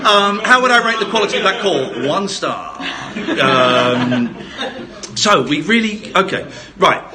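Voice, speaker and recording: A man's voice: high-pitched, sing-song, unhurried, a loud crowd. A man hosting a live comedy podcast, rambling, laughing and swearing through his banter. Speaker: podcast host. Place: live venue stage. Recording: live show with background noise.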